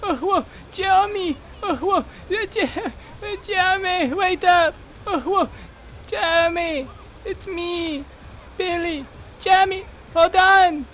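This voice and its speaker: A whiny shrill little boy. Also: slow pace, fairly bright tone, a little hiss or hum, full character voice. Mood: pleading. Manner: pleading, sobbing, sulky. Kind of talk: comedy voiceover.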